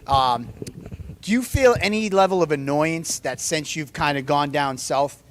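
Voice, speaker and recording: A man's voice: a little high, a little slow. A man moderating a press conference, asking questions in a playful, joking way. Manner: playful, joking, laughs often. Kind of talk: casual moderating.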